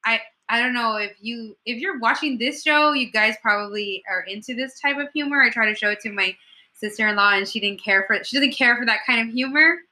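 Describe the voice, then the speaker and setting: Giggly bright-voiced woman. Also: on the high side, a little fast. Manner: giggly, chatty, laughs often. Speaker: co-host of a live movie chat stream. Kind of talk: casual live-stream chat.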